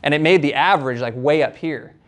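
A man's voice: a little high, fairly quick. A young man giving a casual university lecture in a conversational, hedging way, checking in with frequent tag questions.

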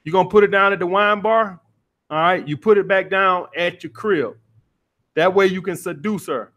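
High-voiced blunt profane coach. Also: male voice, normal speed, a bit bright. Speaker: dating coach taking calls. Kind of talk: call-in advice show.

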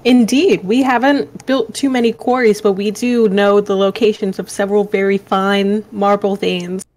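A woman's voice: mid-range voice, steady tone, moderate pace, darkish tone. A woman playing a tabletop role-playing game, chatty and playful. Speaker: player.

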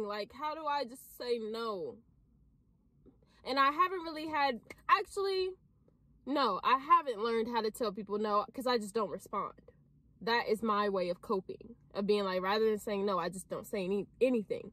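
A woman's voice: high voice, expressive, a little slow, bright, forceful tone. A woman vlogging casually to her viewers. She talks emphatically, repeats phrases and swears casually. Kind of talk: casual self-talk vlog.

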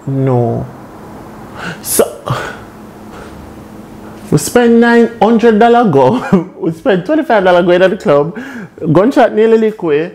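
Animated Jamaican man telling a story. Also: high-pitched, slow, pauses often, slight background noise. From Caribbean. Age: young adult. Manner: animated, laughing, lively patois storytelling. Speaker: vlogger. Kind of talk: comic storytime.

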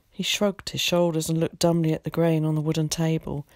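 A woman's voice: deep voice, no room sound, studio quality. Woman teacher reading a story aloud. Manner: expressive, measured storytelling. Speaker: primary school teacher.

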